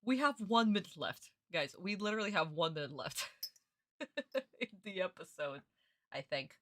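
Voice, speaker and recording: A woman's voice: on the low side, expressive, moderate pace, a bit bright, no room sound, studio quality. A young woman ranting in a casual live-stream reaction, exasperated and swearing freely.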